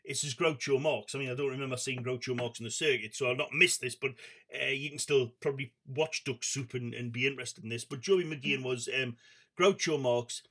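A man's voice: mid-range voice, fairly even intonation, fairly quick, pushed and bright. A man hosting a comedy show, casually reading out viewer comments with many ums, asides and chuckles.

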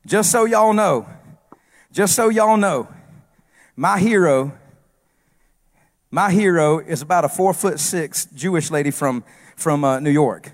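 A male preacher giving a humorous sermon on a church stage that builds into shouted preaching. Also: on the high side, slow, pauses often, long reverb tail.

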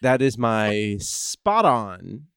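A man's voice: lowish voice, big pitch swings, very slow, creaky, clear, resonant tone, no room sound. A man hosting a comedy podcast, joking and self-mocking, often stammering and restarting his sentences. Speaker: podcast host.

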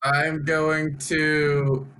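Slow-talking man at the gaming table. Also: fairly high pitch, monotone, a bit bright. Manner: unhurried, hesitant. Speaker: tabletop game player.

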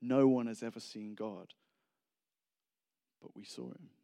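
A man's voice: mid-range voice, steady tone, a little slow, vocal fry, mellow. A man preaching a casual, humorous sermon, rambling and self-deprecating between anecdotes.

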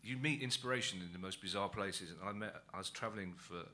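Guy hosting a comedy panel, lowish voice but really bright and sharp, dry jokes. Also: quick pace, a little hiss or hum. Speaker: host.

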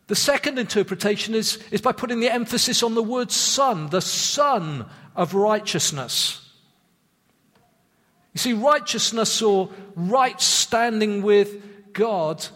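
A man with a high voice preaches a sermon, earnest and measured. He drops his voice low to drive points home and often repeats words as he starts a thought again. His voice rings out with the long reverb of a church hall. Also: fairly bright tone.

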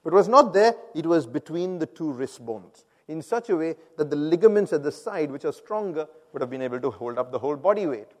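A man with a slightly high voice tells his personal story to a congregation in a lively, animated way. He acts out the voices of the people in his story and laughs at himself now and then. His voice rings with a long hall reverb. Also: fairly quick, few pauses. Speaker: speaker giving a personal testimony.

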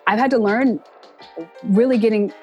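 A woman in her forties, a guest in a casual interview, talking earnestly and reflectively and acting out quoted speech with lively pitch jumps. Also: normal speed, faint music behind. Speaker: interview guest, entertainment production professional.

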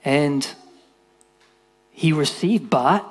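A man giving a casual, animated sermon, acting out voices and rising to shouts. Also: a little high, extremely slow, big-room sound. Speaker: preacher.

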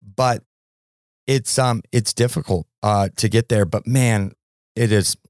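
A middle-aged man hosting a podcast, telling stories in a loose, animated way with frequent fillers and repeats. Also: fairly low pitch, slow, no room sound, studio quality. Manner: animated storyteller with fillers and repetitions. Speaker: podcast host. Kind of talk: casual interview conversation.

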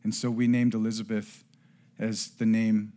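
A middle-aged man preaching a sermon and telling a personal story, earnest, rising to loud emphasis and dropping to hushed tones. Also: lowish voice, flat delivery, moderate pace. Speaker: pastor.

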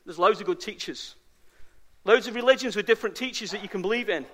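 High bright-voiced preacher. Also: male voice, fast. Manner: emphatic, repeats key phrases for stress. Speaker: pastor. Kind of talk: sermon. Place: church service.

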